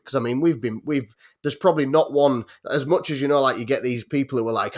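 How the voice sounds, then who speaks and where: A man with a North Yorkshire accent chats on a podcast in a mid-pitched voice. He rambles, restarting his sentences and filling them with likes and ums. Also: quick pace. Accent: North Yorkshire English. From North Yorkshire, England. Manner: rambling, many restarts and fillers. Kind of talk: casual podcast chat.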